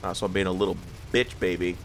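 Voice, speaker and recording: A man's voice: low-pitched, little pitch movement, quick pace, gravelly, fairly bright tone, a little hiss or hum. A tired man just out of bed, rambling and stammering through casual gameplay commentary as a let's play host. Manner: rambling, self-deprecating, stammers and laughs.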